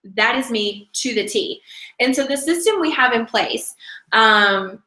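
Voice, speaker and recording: Chatty higher-voiced woman, echoey room. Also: lively intonation, unhurried, pushed and bright. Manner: chatty and rambling, fills talk with "like"; breaks off mid-sentence and restarts. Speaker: direct sales team leader. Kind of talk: casual live training talk.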